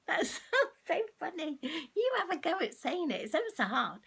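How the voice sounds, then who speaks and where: An older woman reading a children's story aloud as a grandmother, chatty and animated, stopping for asides to the listener. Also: high-pitched, normal speed, gravelly.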